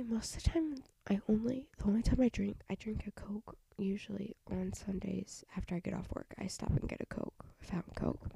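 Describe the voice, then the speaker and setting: A woman's voice: medium pitch, gravelly. A young woman with a stuffy nose hosting a casual solo podcast, rambling with half-whispered asides into a home mic. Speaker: podcast host.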